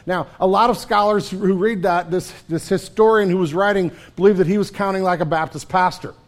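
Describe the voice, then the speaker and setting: High-voiced man preaching a sermon. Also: fairly even intonation, a little fast. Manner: conversational preaching, often drops to a quiet, low delivery. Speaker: pastor.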